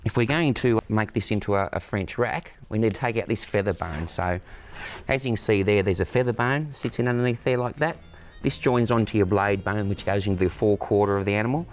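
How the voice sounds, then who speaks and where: A man's voice: fairly low pitch, brisk, faint music behind. A man, a butcher, explaining outdoors step by step how to prepare a cut of meat. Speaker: butcher guest. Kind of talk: cooking demonstration. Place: outdoors in the sun.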